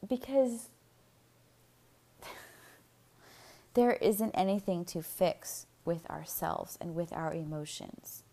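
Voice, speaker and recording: A woman's voice: fairly low pitch, slow pace, vocal fry, long pauses. A young woman hosting her own podcast, talking candidly in a casual solo monologue, swearing freely and filling her talk with "like" and laughs. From United States. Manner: candid, profane, animated, with frequent fillers and laughs. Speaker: podcast host.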